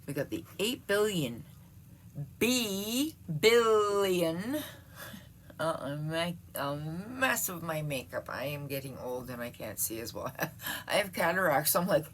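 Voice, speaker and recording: A woman's voice: sits low, lively intonation, moderate pace, a bit bright, slight background noise. A middle-aged woman ranting in a casual vlog from home, exasperated and profane, often breaking into laughs. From Canada. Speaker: vlogger. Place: at home, seated.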